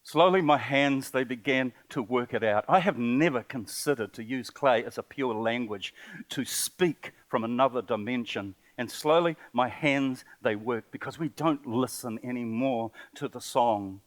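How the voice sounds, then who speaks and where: This poet and sculptor, an older Kiwi man, speaks in a mid-range voice at a seminar venue. His storytelling speech is personal and impassioned, delivered in an earnest, halting way that swells in emotional bursts.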